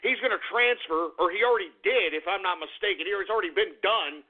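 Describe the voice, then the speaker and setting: A man's voice: high voice, a little fast. A man hosting a talk radio show, ranting angrily and profanely at his listeners. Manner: angry, profane, repetitive ranting. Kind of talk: political rant on talk radio. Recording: tinny phone-like radio audio.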